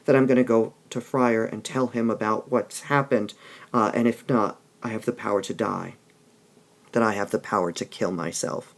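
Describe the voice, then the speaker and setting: A man's voice: on the low side, fairly even intonation, moderate pace, creaky. A male teacher explaining a play in a recorded lesson, checking in with "all right?" as he goes. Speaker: English teacher.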